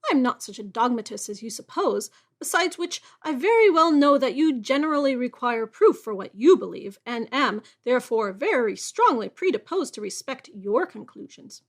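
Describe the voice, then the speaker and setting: A woman reads aloud as a courteous, thoughtful older gentleman, given in a high, clear register in a plain storybook reading. He speaks calmly, with little put-on voice. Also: moderate pace, few pauses. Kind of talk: audiobook reading.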